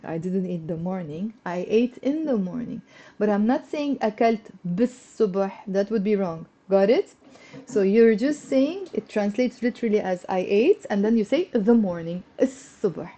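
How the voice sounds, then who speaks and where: A woman's voice: on the high side, warm tone. Encouraging woman teaching Arabic, lo-fi sound. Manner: encouraging, repeats phrases slowly for students. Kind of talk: live online language lesson.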